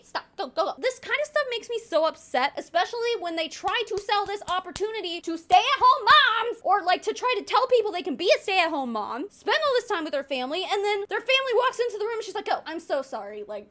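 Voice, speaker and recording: A woman's voice: sits high, a bit bright. A young woman doing reaction commentary from her bedroom, heated and emphatic, swearing freely. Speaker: commentary YouTuber and mother.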